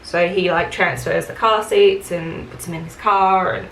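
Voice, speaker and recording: On the low side and a bit bright, this woman's voice stays steady and measured as she tells a chatty, filler-heavy story about her retail job. She's a beauty vlogger doing her makeup in a room at home. Expect an echoey space and faint background hiss.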